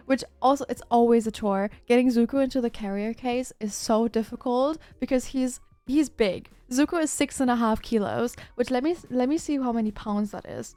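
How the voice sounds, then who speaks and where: A woman's voice: a little high, fairly quick, hardly any pauses, dark tone, no echo, soft background music. A woman livestreamer chatting casually, telling a rambling story with lots of fillers and restarts.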